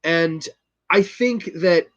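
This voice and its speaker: A man's voice: fairly high pitch, slow, fairly bright tone, muffled recording. A man hosting a casual film review monologue, enthusiastic and profane, retelling scenes and quoting lines. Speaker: host.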